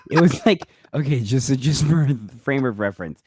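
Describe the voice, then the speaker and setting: A man's voice: medium pitch, animated, husky, no echo. A man co-hosting a podcast, rambling and laughing easily in casual chat. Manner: giggly, rambling, quick to laugh. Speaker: podcast co-host.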